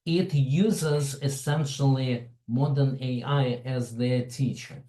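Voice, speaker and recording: Mellow-voiced man with a foreign accent, lecturing. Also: mid-range voice, steady tone, slow pace, roomy sound, rough recording. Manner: digressive, chatty asides while explaining. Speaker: webinar presenter. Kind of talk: informal tech webinar talk.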